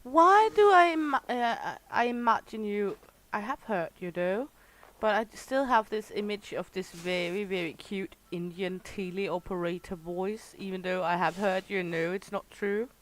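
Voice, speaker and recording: A woman's voice: mid-range voice, steady tone, unhurried, few pauses. A woman streamer chatting casually with viewers while playing a game, teasing regulars by name. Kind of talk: casual livestream chat with viewers.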